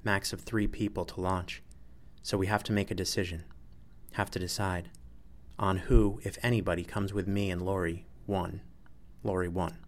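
A man reading aloud, voicing a male astronaut who talks in an agitated, strained way and gets loud when upset. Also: deep voice, little pitch movement, moderate pace. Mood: tense.

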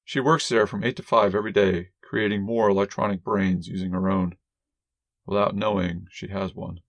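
A man reads a first-person story aloud in a measured, wry, deadpan manner. His voice sits on the low side. The recording is dry and close, with no room sound. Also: no echo. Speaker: audiobook narrator. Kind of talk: first-person fiction narration.

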